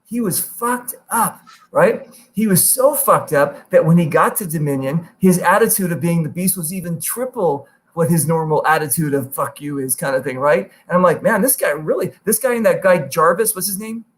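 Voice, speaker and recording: A man hosting a podcast, telling stories in a casual, animated way, swearing freely and jumping into high-pitched quoted voices. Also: normal speed. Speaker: podcast host. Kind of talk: casual storytelling chat.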